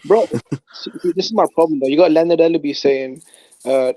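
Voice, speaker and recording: A man's voice: fairly high pitch, a little fast, mellow, no echo, poor audio. A man in casual group chat, making rambling, hesitant points.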